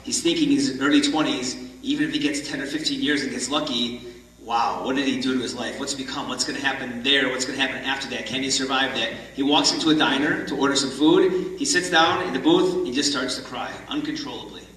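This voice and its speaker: A man giving a storytelling talk at a religious conference, animated and acting out the people in his story. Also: medium pitch, fairly quick. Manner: animated storyteller, acts out the characters. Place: large conference hall. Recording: echoey hall from far off.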